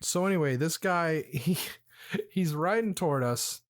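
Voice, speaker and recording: A man with a somewhat high voice hosts a casual podcast, rambling through a story with plenty of swearing. He talks loosely and lazily while he drinks, drifting off point and circling back. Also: a little slow. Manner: rambling, profane, laid-back. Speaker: podcast host.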